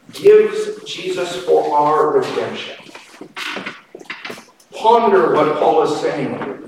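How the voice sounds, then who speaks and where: Pastor guy preaching slow, kinda high voice, big echoey church, mic far off. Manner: slow, emphatic preaching with dramatic swings in loudness. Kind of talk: sermon. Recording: echoey hall, distant mic, faint noise.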